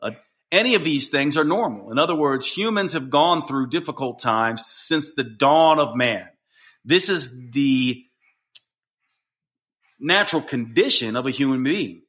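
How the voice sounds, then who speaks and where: A man hosts a solo coaching podcast, earnestly explaining how to respond to someone going through a hard time and acting out example phrases as he goes. His medium-pitched voice is animated and fairly bright, with a slightly slow pace.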